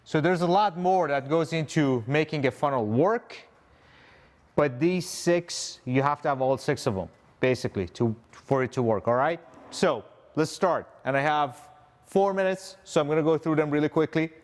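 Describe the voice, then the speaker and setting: A man co-hosting a live online stream, teaching the steps one by one in a methodical way. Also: a little high. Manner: slow, methodical, numbered steps. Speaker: co-host, instructor.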